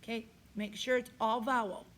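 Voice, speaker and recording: A woman's voice: fairly high pitch, little pitch movement, normal speed, a bit bright. A woman choir teacher with a tired voice, giving directions to singers and singing short phrases to show how they go. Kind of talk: recorded choir rehearsal lesson.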